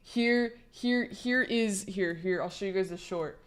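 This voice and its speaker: A young woman streamer, hoarse from being sick, chatting casually and profanely while reading out her chat. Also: mid-range voice, unhurried.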